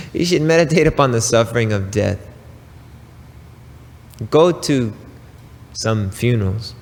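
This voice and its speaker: A man giving a spiritual talk, preaching slowly and emphatically with pauses and casual asides. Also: mid-range voice, lively intonation, in a large hall. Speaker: spiritual teacher.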